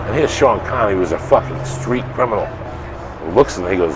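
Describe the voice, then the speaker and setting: A man being interviewed outdoors, telling blunt, swearing stories that build to loud, animated bursts. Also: lowish voice, a little fast. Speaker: interview guest. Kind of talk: profane storytelling in conversation. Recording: street crowd and traffic behind.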